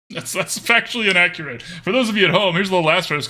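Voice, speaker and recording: A young man from Texas streams a card game live, talking it through in a playful, joking way. His voice is very bright and cutting, set a little high for a man, and he breaks into loud cheers when plays go his way. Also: fast, hardly any pauses. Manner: playful, jokey, bursts into cheering.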